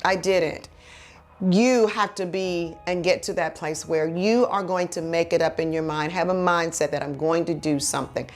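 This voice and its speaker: A woman's voice: fairly low pitch, normal speed, faint music behind. A woman preaching a heartfelt sermon, telling her own story and then leading a prayer in an earnest, exhorting way.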